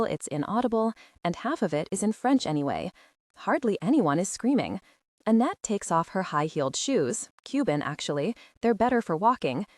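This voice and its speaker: Low-voiced woman reading a story. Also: no echo, clean studio sound. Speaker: audiobook narrator. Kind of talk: scripted narration.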